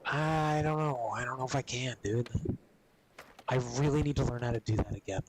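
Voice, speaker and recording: A man streaming games, chatting casually and rambling with a lot of swearing, coughing and clearing his throat often. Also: medium pitch, a little fast, darkish tone, slight background noise, low-quality recording. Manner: profane, rambling, laid-back. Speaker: gaming streamer.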